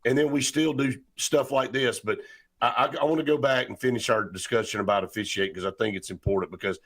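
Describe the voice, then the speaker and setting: A man's voice: medium pitch, fast talker, a bit bright, slightly rough. A man hosting a sports talk show, rambling with many restarts and fillers.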